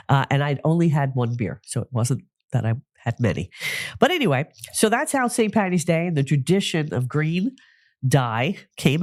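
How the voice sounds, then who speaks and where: A man's voice: mid-range voice, no echo, studio quality. A man from New Jersey hosting a podcast, telling stories in a chatty solo talk with frequent restarts. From New Jersey, United States. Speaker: podcast host, psychic medium.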